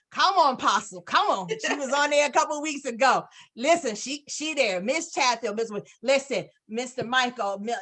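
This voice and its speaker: A woman speaking on a business video call, telling an effusive, animated story full of fillers and praise for a colleague. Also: fairly high pitch. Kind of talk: casual testimonial on a video call.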